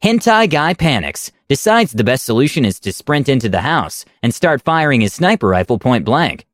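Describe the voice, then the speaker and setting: A man reading a story aloud at a close mic, with wry, deadpan asides. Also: medium pitch, normal speed, no room sound.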